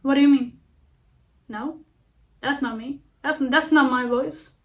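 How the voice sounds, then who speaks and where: A woman's voice: high-pitched, fairly even intonation, measured pace. A young woman vlogger talking casually to camera, earnest and playful, repeating herself with lots of fillers. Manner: earnest, repetitive, playful self-talk with fillers. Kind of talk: casual self-help talk to camera.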